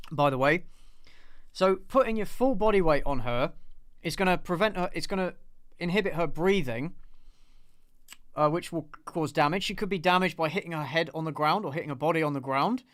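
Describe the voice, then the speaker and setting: A man's voice: fairly high pitch, fairly bright tone, dry recording. Casual man hosting a review stream. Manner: casual, rambling with fillers and swearing. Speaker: channel host. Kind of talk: live review discussion.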